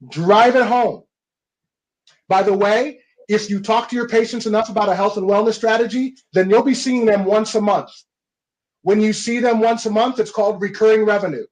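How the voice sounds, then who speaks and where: High voiced guy pumping up a panel audience on a video call, punchy and motivational. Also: poor audio. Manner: emphatic, motivational, addresses the audience as guys and friends. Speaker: panelist, business coach. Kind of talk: webinar panel talk.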